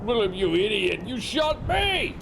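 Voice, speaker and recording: A panicked, wounded male accomplice, voiced by a man in a horror game, yelling high as he fears for his life. His lines climb sharply in pitch with every cry. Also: animated, unhurried, noisy background.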